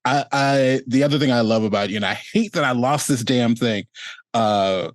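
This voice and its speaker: A man's voice: medium pitch, normal speed, no room sound. A male host chatting casually on a video call, rambling and restarting his sentences and laughing often. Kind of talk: casual chat.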